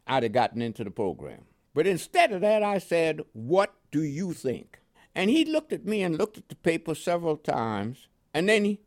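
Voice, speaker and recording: An older man from Panama with a New York accent touched with West Indian tones, telling his memories as a veteran in an oral history interview, laughing often and acting out dialogue. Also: fairly high pitch. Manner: lively storyteller who laughs often and acts out dialogue.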